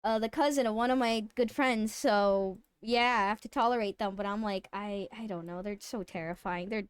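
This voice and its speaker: A woman streamer telling a story in casual live-stream chat, animated and swearing freely. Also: mid-range voice, moderate pace, clear, resonant tone, no echo.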